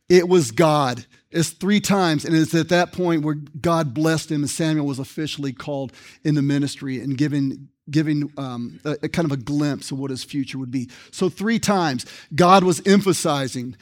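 A man's voice: a little high, moderate pace. A man preaching a sermon as pastor, in a conversational way, reading scripture and asking the congregation questions.

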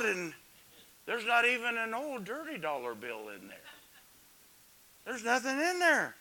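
A man preaching a sermon dramatically, swinging from loud calls to hushed near-whispers and putting questions to the congregation. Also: sits high, sing-song, moderate pace, long pauses.

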